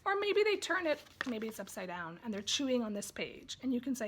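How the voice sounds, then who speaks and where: A woman's voice: a little high, sing-song, brisk, few pauses, a little hiss or hum. A woman who is a child development coordinator, giving a parenting lesson with sing-song baby-talk demonstrations.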